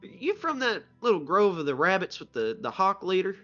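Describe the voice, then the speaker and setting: A man doing a folksy dead cowboy with a put-on Southern drawl, easygoing and unhurried. His voice sits fairly high. The sound is dull and lo-fi, with soft music underneath. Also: very animated, heavily acted. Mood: laid-back. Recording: dull lo-fi stream audio, faint music.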